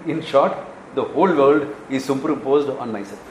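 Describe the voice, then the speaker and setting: A man from Kerala with an Indian accent, giving a Vedanta discourse as a spiritual teacher, animated and quick to act out little dialogues with chuckles. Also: mid-range voice, echoey room, slight background noise, rough recording. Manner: animated storytelling, acts out dialogues, chuckles often.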